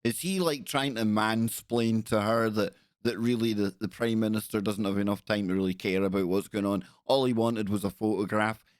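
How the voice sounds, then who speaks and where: A man's voice: on the low side, fairly even intonation, normal speed, hardly any pauses, dry recording. A man hosting a talk show, commenting indignantly and sarcastically on news clips and often repeating himself. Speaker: host.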